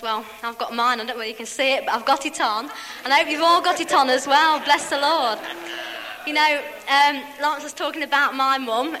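A woman's voice: high voice, bright, forceful tone. A young woman giving a chatty spoken testimony at a revival meeting, full of praise interjections. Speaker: testifying church member. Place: church hall. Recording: long hall reverb.

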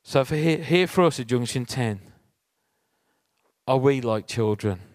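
Here a church speaker talks unhurriedly in a darkish, medium-pitched voice, recorded with no room sound. His sermon is conversational and chatty, built around a personal story and rhetorical questions aimed at the congregation.

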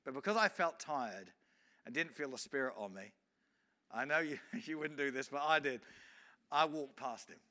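A man's voice: mid-range voice, animated, normal speed, bright, forceful tone. A man, an evangelist telling a story in a sermon, acting out scenes with frequent restarts. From England.

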